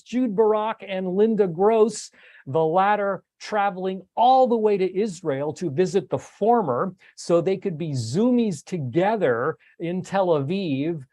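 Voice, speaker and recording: A man's voice: sits high, slow, no echo. Older man hosting, dry close voice. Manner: warm, rambling, many fillers and restarts. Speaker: host. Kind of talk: casual recap talk on a video stream.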